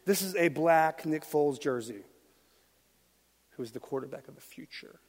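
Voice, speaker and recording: A middle-aged man preaching a sermon as pastor, swinging from quiet talk to loud shouts. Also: fairly high pitch, moderate pace, pauses often. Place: church hall. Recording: long hall reverb.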